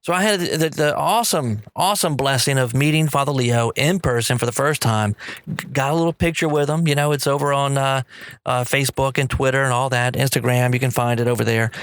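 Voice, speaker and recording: A middle-aged man hosts his own talk show, chatting with eager enthusiasm and often tripping over and repeating his words. His voice sits at an ordinary middle pitch. The sound is dry and close, with no room echo. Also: fairly quick, fairly bright tone, clean tone. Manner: enthusiastic storyteller. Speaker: podcast host. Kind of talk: casual solo talk show.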